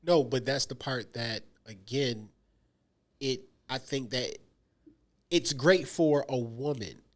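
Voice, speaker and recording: A man's voice: mid-range voice, slow. A man co-hosting a casual movie review chat, talking emphatically and acting out little quotes. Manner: animated, emphatic, lots of "yo" and acted-out quotes. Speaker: podcast co-host.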